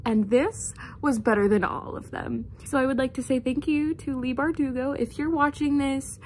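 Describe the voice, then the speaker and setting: High-voiced gushing young woman. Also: a little hiss or hum. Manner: gushing and excitable, laughing between sentences. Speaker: book vlogger. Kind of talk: casual vlog book reaction.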